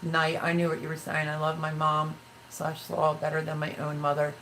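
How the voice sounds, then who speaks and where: A woman's voice: low voice, monotone, normal speed, fairly bright tone, slight background noise, low-quality recording. A woman in her fifties hosting a casual livestream, reading viewer comments aloud and telling personal stories with feeling. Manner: chatty, emotional storytelling, reads viewer comments aloud. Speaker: livestream host.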